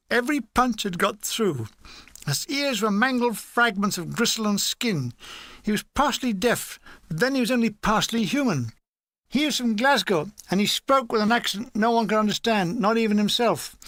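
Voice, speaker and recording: Deadpan memoir narrator, man, high voice, dry close mic. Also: dry recording. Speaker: audiobook narrator. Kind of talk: comic memoir reading.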